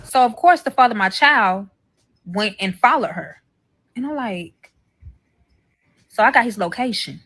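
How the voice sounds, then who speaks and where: Young woman, fairly high voice, telling a story-time rant and voicing the others in it. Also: unhurried, long pauses. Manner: animated, profane, acts out the other people's lines. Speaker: storyteller in a played clip.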